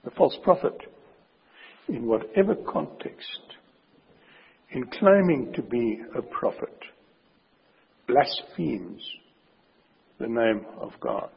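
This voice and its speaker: A man preaching a sermon with a very husky voice, speaking emphatically and slowing down to stress his warnings. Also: medium pitch, big pitch swings. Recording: dull recording with long hall reverb.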